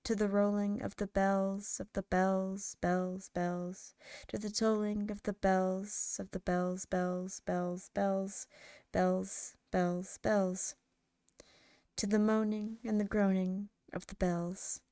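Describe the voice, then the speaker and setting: A woman narrating poems in a soft, hushed ASMR reading style, drawing out each line slowly. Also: medium pitch, little pitch movement, clean tone, no echo, clean studio sound. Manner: slow, hushed, drawn-out delivery.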